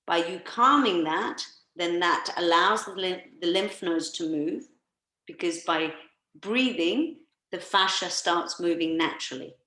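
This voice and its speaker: Woman therapist, slightly low voice, patient explainer leading breathwork; echoey video-call room. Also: measured pace. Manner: calm, explanatory, coaching listeners through breaths. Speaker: massage therapist leading a workshop. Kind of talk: guided breathing instruction.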